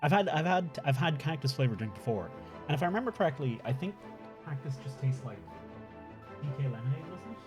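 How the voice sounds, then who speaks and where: Chatty Irish man with a lively voice. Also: on the high side, brisk, music in the background. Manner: rambling, thinks aloud, swears casually. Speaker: game streamer. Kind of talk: casual live-stream chat while gaming.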